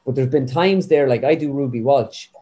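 A man's voice: mid-range voice, normal speed. A young man with an Irish Midlands accent, a guest impressionist chatting in an interview. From Ireland. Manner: chatty, rambling, animated. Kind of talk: casual interview chat.

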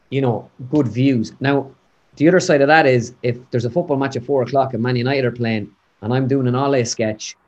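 A young Irish man with a Midlands accent, a guest impressionist, chats in a casual interview. His mid-range voice comes through dull audio, and he's chatty, rambling and animated.

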